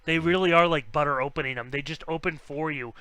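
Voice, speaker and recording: A man's voice: on the high side, fast, sharp tone, smooth, low-quality recording. A man co-hosting a card break livestream, teasing his partner dryly and calling out how many spots are left. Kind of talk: casual livestream chat.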